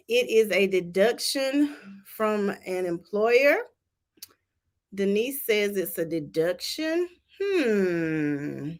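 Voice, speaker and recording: Slow-talking Georgia woman explaining taxes. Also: medium pitch, fairly bright tone. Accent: Southern US (Georgia). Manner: slow, deliberate, chatty and direct. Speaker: tax specialist. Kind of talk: live-streamed tutorial.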